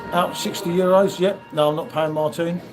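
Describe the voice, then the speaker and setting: A British man with a fairly high, steady voice talks at a moderate pace, live-streaming from an airport café as a beer vlogger. He chats casually and jokes while reading viewer comments into the phone he's holding, with music playing and loud crowd noise all around.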